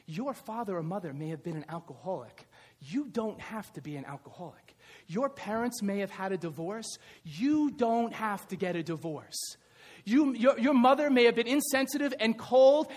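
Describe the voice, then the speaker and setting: A middle-aged male pastor preaching a lively sermon, shouting at the peaks and joking in playful asides. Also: very high voice, normal speed. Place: church. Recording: reverberant church hall.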